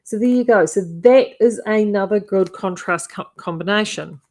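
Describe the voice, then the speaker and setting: A woman's voice: mid-range voice, normal speed, darkish tone. Chatty woman showing yarns. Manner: chatty and enthusiastic, talks to viewers. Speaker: yarn shop owner and video host. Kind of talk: casual live-stream chat about knitting yarns.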